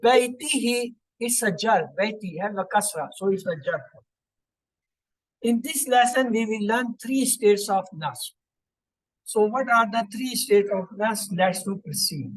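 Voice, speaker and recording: A man teaching Quranic Arabic grammar in a slow, deliberate way, repeating terms and pausing now and then to find words. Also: high-pitched, expressive, no room sound, rough recording. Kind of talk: recorded Quran grammar lesson.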